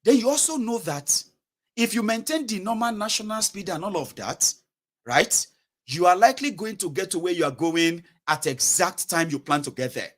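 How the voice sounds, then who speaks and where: A man with a Nigerian accent and a high-sitting voice offers casual political commentary at a moderate pace. He's animated, acting out mocking prayers and slipping into Nigerian Pidgin.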